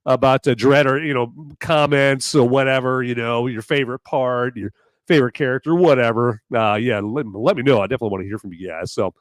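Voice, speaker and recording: A hoarse man hosts a live show, rambling along and cracking jokes. His pitch sits at an ordinary middle height. The sound is dry and close, with no room around it. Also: fairly quick, no echo. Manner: rambling and jokey. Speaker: podcast host. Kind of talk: live casual chat.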